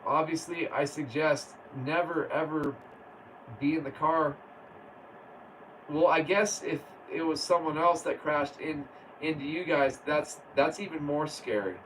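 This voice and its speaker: A man with a little high, a bit bright voice speaks a little slowly while hosting a casual livestream. He reads viewer comments aloud and chats with frequent laughs, recorded through a distant mic with faint background noise.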